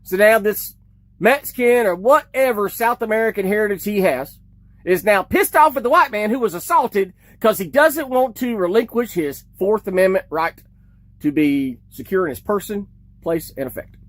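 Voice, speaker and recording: A man's voice: high voice, expressive, normal speed, fairly bright tone, no room sound. A man commenting on a video in a sarcastic, ranting manner.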